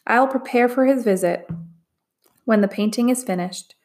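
A woman voicing a wise older male master painter who speaks in a measured, hushed way in a storybook reading. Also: a little high, soft background music, lightly acted.

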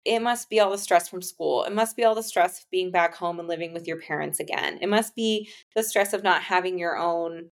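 A woman's voice: lowish voice, a little fast, few pauses. A young woman telling a personal story in casual conversation, filling it with "like" and acting out both sides of past exchanges. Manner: conversational, many fillers, acts out dialogue. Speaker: guest telling her story.

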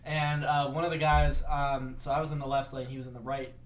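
A young man chatting casually as a podcast co-host, an animated storyteller who laughs often. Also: mid-range voice, fairly quick, far from the mic. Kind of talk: casual chat. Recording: roomy, off-mic with faint ambience.

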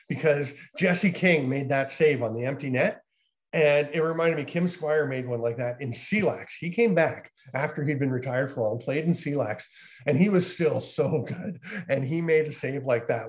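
Animated man telling sports anecdotes. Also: mid-range voice, normal speed. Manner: animated, laughs through his stories. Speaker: lacrosse broadcaster and co-host. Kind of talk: casual sports chat.

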